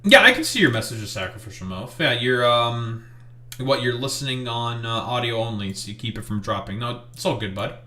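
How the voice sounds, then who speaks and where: A man's voice: medium pitch, lively intonation, brisk, sharp tone, reverberant. A man streaming commentary, talking in a rambling, sarcastic way with lots of fillers. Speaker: streamer reacting to clips. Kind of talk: casual commentary.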